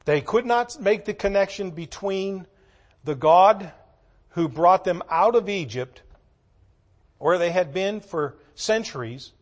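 A man delivering a sermon in a somewhat high voice, moving from quiet, almost whispered asides to loud, pressing emphasis. He reads scripture in slow, measured phrasing and repeats key words for weight. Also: lively intonation. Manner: emphatic, dramatic swings from hushed to loud. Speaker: preacher.

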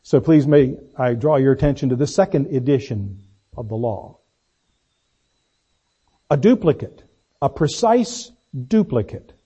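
A man preaching a sermon, swinging between loud slow emphasis and low quiet asides. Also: expressive, slightly rough. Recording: dull lo-fi recording.

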